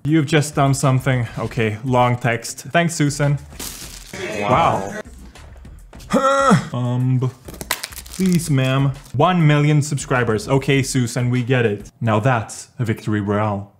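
A young man, vlogging in a dry, deadpan comedic way. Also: medium pitch, unhurried. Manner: deadpan, dry absurd humor. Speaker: YouTuber. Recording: music playing underneath.

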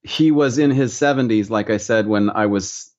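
A man from the United States, a guest painter on a podcast, talking in a relaxed, reflective way and telling stories. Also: fairly low pitch, normal speed, muffled recording. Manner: reflective, storytelling.

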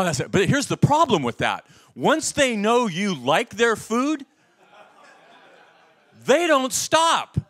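A middle-aged man preaching a sermon, telling stories animatedly and putting questions to his listeners. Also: fairly high pitch. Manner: animated storytelling, asks the audience questions. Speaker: pastor.

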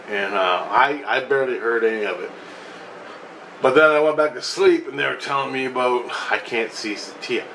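A man telling a rambling, profane story in a casual vlog, getting excitable as he goes. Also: mid-range voice, slight background noise, rough recording. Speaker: vlogger.

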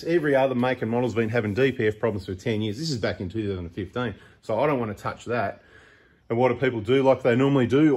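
Husky, opinionated Australian man. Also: mid-range voice, quick pace, a little mellow. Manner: chatty, opinionated, rambling asides. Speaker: host of a 4x4 channel. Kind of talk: casual talking-head advice.

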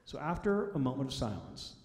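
In an echoey school auditorium with long reverb, a middle-aged author recounts family anecdotes, acting out the voices in them. His mid-range voice is a little mellow, a little fast, and swings widely in pitch.

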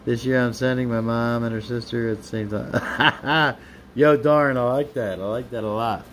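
Man, live streamer, casual chat, reads comments aloud, teasing banter, mid-pitched voice. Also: fairly even intonation, moderate pace, fairly bright tone, a little hiss or hum. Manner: reads viewer comments aloud and answers them.

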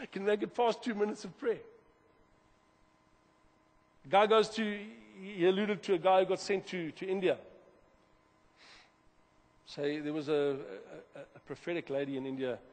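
A man preaching a sermon as pastor, animated, repeating words and swinging from loud to quiet. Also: high voice, measured pace, pauses often. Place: church hall. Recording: long hall reverb.

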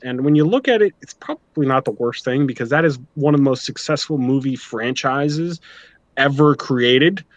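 A man hosts a casual podcast, working through his notes and offering his opinions freely; he's talkative and opinionated. His voice sits at medium pitch and he keeps a moderate pace, though the highs are cut off.

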